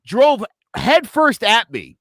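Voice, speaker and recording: Lively high-voiced man telling stories. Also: slow, no echo, studio quality. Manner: animated storyteller, acts out quotes, heavy swearing. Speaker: podcast co-host. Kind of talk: casual podcast chat.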